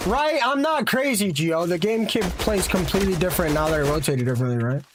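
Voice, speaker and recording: Young American male streamer, high-pitched, hyped and chatty, slight background noise. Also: fairly quick. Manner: excitable, chants sound effects while playing. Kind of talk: live game streaming with chat.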